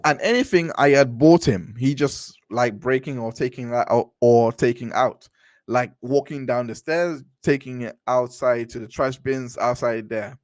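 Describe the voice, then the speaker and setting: Male host, mid-pitched, unrehearsed cold read of transcripts with commentary. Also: unhurried. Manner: reads all parts aloud, stumbling and restarting, with asides. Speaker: commentator reading court transcripts.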